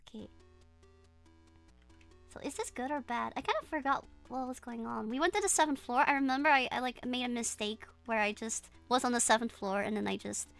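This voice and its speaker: A woman's voice: fairly high pitch, normal speed, gravelly, long pauses, fairly bright tone, faint music behind. A young woman streaming a horror game, chatting casually and rambling with a giggly, hesitant manner. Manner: giggly, rambling, lots of ums and restarts. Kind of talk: casual gameplay chat.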